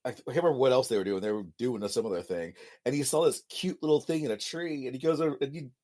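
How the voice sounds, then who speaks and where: A man co-hosting a casual podcast chat, talking in animated, mocking rants that turn loud with exasperation. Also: medium pitch, very fast. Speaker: podcast co-host.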